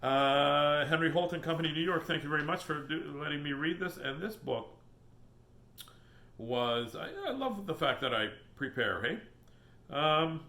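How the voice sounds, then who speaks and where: A man's voice: on the high side, expressive, a little slow, sharp tone, reverberant. A man reading a children's picture book aloud on video, joking between pages and doing silly animal voices.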